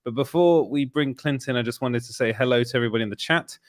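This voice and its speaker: A man's voice: mid-range voice, quick pace, dry recording, studio quality. A man hosting a casual live stream, upbeat and chatty, greeting viewers in the chat. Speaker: host.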